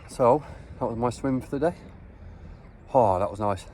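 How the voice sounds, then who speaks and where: A man vlogging casually outdoors at the beach, chatting in a relaxed way and swearing freely as he talks to a handheld phone. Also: mid-range voice, normal speed, slight background noise. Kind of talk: casual vlog narration.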